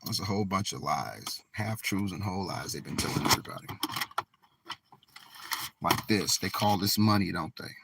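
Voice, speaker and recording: A man hosting a live stream from a vehicle, talking to his chat in a slow, emphatic, preachy way and dragging out key words. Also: low voice, lively intonation, vocal fry, very noisy. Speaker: livestream host.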